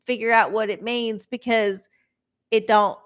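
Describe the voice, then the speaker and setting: A woman's voice: a little high, fairly even intonation, measured pace. A middle-aged woman reading oracle answers on a live stream, rambling, swearing and sarcastic. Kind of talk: casual live-stream chat.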